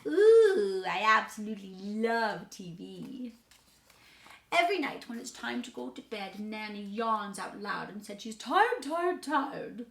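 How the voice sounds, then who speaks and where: A woman's voice: medium pitch, animated, unhurried, gravelly. A woman voicing a precocious, mischievous six-year-old girl who lives in a hotel, in a chatty, boastful storybook monologue. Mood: playful. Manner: chatty, boastful, matter-of-fact child monologue. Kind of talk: dramatic reading of a storybook character. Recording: roomy echo.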